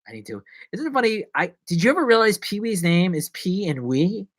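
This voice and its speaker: A man's voice: very animated, fairly quick, no room sound. Jokey, rambling man on a live stream. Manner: jokey and rambling, swinging between loud bursts and low mumbles. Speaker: actor and vlogger.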